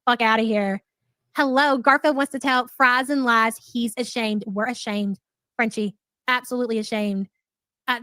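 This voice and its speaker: A brash woman livestream host reading out viewer donations and mocking her rivals, swearing as she goes. Her voice sits slightly high. The recording is dry and close. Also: a bit bright, no room sound. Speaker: streamer reading donation messages. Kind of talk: livestream commentary.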